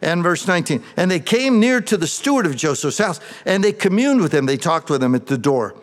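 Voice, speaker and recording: A man's voice: a little high, sing-song, a little fast. Man preaching in a reverberant hall. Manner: expository, reads verses then explains them plainly. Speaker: pastor. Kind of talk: sermon with scripture reading.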